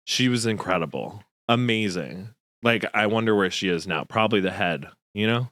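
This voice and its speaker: Podcast host, man in his thirties, low voice, dry close studio sound, animated storyteller who acts out the voices. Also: normal speed, no room sound. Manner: animated storyteller acting out quoted dialogue. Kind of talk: casual storytelling chat.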